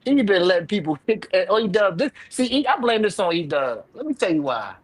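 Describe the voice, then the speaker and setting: A man hosting a live online panel, telling a rambling, profane story with big swings between loud and quiet, a little drunk. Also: sits high, very animated, a little fast, slightly rough, no echo, rough recording. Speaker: live show panel host.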